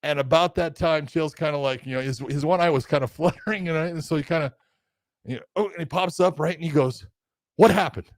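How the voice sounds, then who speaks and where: A man casually telling a story as a podcast co-host, animated and acting out quotes with laughter. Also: fairly high pitch, fast, no room sound.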